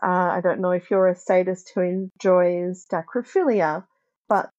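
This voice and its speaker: Slow, thoughtful woman on muffled audio. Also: on the low side, fairly even intonation, darkish tone. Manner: thoughtful, searching for words. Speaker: podcast guest. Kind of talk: reflective conversational discussion. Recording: dull lo-fi sound.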